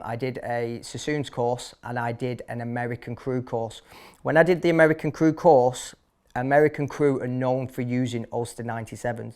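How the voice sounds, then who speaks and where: With a smooth, mid-range voice of darkish tone, a thirtysomething barber from Manchester, England, who runs his own shop, shares his story in a relaxed interview. His Manchester accent comes through as he talks bluntly and chattily, restarting and using many fillers.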